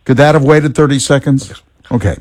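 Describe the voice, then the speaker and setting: A man's voice: medium pitch, steady tone, a little fast, no room sound. A man in his sixties co-hosting a talk radio show with dry, wisecracking banter. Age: 60s. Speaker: radio co-host.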